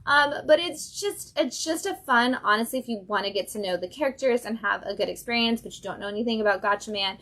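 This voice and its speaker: A woman's voice: a little high, fast, hardly any pauses, pushed and bright. A woman hosting a casual livestream from a comic shop, chatting enthusiastically about new comics with lots of fillers.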